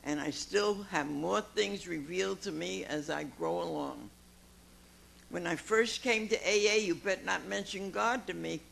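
A woman in her nineties, speaking at a recovery meeting before an audience in a meeting room, gives a folksy testimony while laughing frequently and calling her listeners "honey." Her voice is on the low side, unhurried, gravelly and fairly bright. The audio is poor, with a little hiss or hum.

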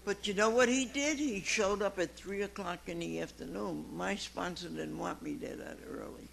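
A woman, giving an emphatic personal testimony to a recovery meeting, dropping quiet and then rising to loud exclamations. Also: on the low side, normal speed, gravelly, background noise. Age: 90s.

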